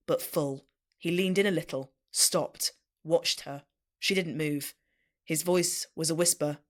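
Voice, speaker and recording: A woman co-host with a voice a little lower than most. She chats casually, swears and laughs a lot, then turns to reading romantic fan fiction aloud to her co-hosts. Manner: swears freely, laughs often while talking. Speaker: podcast co-host.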